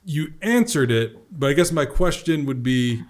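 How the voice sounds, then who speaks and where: A man's voice: on the high side, expressive, normal speed. A man hosting a podcast, reviewing a recorded sales appointment in a conversational way and recapping points for the audience. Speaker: podcast host, sales coach.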